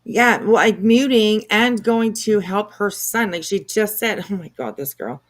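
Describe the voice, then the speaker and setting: A woman's voice: medium pitch, measured pace. A woman hosting a casual commentary stream, chatty and swearing freely, with many fillers.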